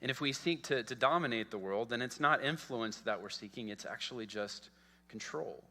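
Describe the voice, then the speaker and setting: Bright-voiced pastor preaching. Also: male voice, mid-range voice, moderate pace. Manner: earnest, repeats words, asks "okay?" often. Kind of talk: sermon. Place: church sanctuary. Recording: long church hall reverb.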